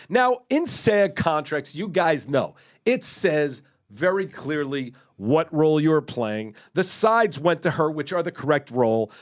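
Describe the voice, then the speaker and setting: A man co-hosting a podcast, telling a long story in casual chat, animated, laughing and swearing now and then. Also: fairly high pitch. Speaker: podcast co-host.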